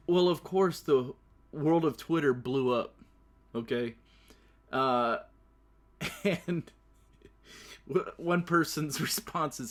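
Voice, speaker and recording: Loud-mouthed guy running his own show, swears a lot, cracks himself up. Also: on the high side, lively intonation, slow. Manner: brash, profane, laughs through his own stories. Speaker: podcast host. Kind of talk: casual solo show commentary.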